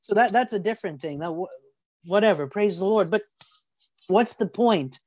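A man preaching a sermon on a video call, telling stories with animated acted-out voices and often stumbling over repeated words. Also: high voice, normal speed, no echo. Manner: animated storytelling, acts out voices.

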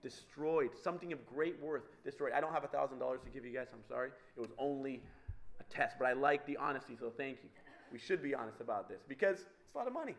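A man preaching a sermon to a live audience, animated and teasing, swinging between loud and soft. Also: quick pace. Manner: animated, wide swings in pitch and loudness, teasing the crowd.

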